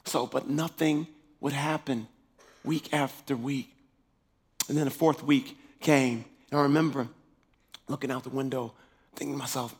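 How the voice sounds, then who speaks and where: A man telling a personal faith testimony in a lively way, acting out the voices in his story. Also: mid-range voice, moderate pace, pauses often, breathy edge. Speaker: preacher sharing a testimony.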